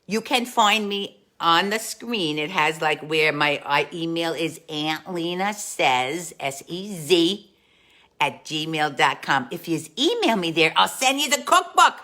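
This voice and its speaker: A woman's voice: deep voice, lively intonation, unhurried, sharp tone, exaggerated voice. A woman playing a chatty aunt. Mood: chatty storytelling. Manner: chatty, greets viewers, calls them dolls. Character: warm chatty Italian-American aunt, jolly and gossipy. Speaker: comic host. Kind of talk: live-stream storytelling in character.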